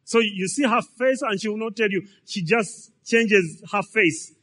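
A man's voice: high voice, measured pace, a bit bright, slightly rough. A man, preaching a sermon in a conversational way, full of repetitions and rhetorical questions. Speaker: pastor.

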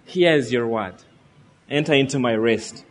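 A man's voice: medium pitch, normal speed. A man preaching a sermon, reading scripture aloud and earnestly asking his listeners questions.

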